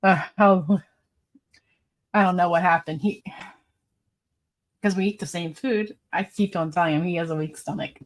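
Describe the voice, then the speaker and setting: A woman's voice: on the low side, fairly even intonation, normal speed, pauses often. A woman hosting a casual live stream, reading viewer comments aloud in a chatty, rambling way and laughing often. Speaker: livestream host.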